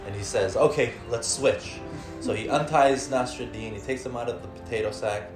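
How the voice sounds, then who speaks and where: A man telling a folk tale to friends in a relaxed way, with fillers and laughs. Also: fairly low pitch, fast talker, roomy sound, music in the background. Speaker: storyteller. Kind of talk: casual storytelling among friends.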